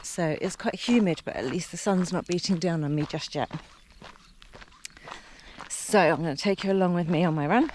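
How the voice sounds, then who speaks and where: A woman's voice: fairly low pitch, normal speed, long pauses, a little mellow, a little hiss or hum. A woman in her fifties, chatty and casual, vlogging outdoors by a lake and talking to a handheld camera while out on a training run, at times out of breath. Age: 50s. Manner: chatty, talks between breaths while running. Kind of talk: casual vlog while out running. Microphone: handheld camera while running.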